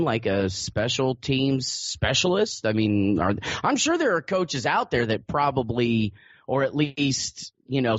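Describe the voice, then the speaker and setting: A man's voice: medium pitch, no room sound. A man hosting a casual sports podcast, talking emphatically and laughing easily. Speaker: podcast host. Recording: dull lo-fi dry audio.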